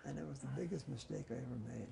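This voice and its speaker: An older man, a father, telling family stories in a relaxed, chuckling way. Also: medium pitch, creaky, a loud crowd. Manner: chuckling, unhurried anecdotes. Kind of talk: casual storytelling.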